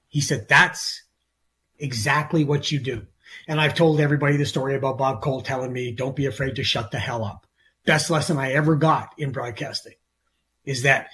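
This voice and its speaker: A man's voice: mid-range voice, a bit bright. A middle-aged man co-hosting a sports talk show, ranting emphatically and often repeating himself. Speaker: sports radio co-host.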